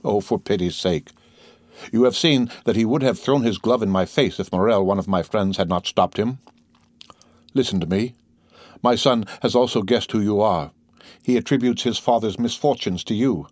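A despairing noblewoman begs for mercy for her son, read by a man in his own low voice. Her words come out pleading and urgent. The audiobook sound is dry and close. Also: moderate pace, a little mellow, no echo, close to an everyday voice. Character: desperate pleading noblewoman, mother, middle-aged. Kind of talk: audiobook character reading.

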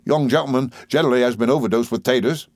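A man's voice: mid-range voice, very animated, brisk, dry recording, studio quality, natural voice. A man voicing a familiar, chatty male inn waiter who talks in a confiding, insinuating way with working-class grammar.

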